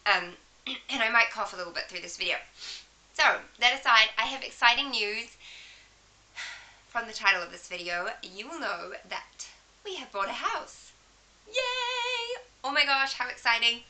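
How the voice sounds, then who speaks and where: A New Zealand woman vlogging with a head cold, her voice stuffy and hoarse-edged yet very bright and sharp. She chats casually to camera, telling her story with asides and the odd throat clear. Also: on the high side, lively intonation, moderate pace, poor audio.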